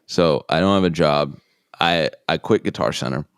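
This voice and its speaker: A man telling his own story as an interview guest, self-deprecating and animated, acting out the people in it. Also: a bass voice, normal speed, creaky, smooth, no room sound, clean studio sound. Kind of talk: casual storytelling.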